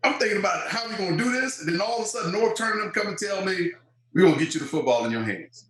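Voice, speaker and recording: A man's voice: high-pitched, racing. A man in his fifties, a former football player, telling stories in an interview and acting out quoted voices. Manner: animated storyteller, acts out quoted voices. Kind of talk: storytelling interview. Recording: roomy echo.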